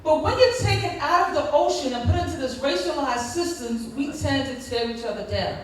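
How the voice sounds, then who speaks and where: A woman's voice: high voice, animated, fairly quick. A woman giving a conference speech as a school district leader, telling stories in a preacher-like way and drawing call-and-response from the crowd. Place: large conference hall. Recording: echoey hall from far off.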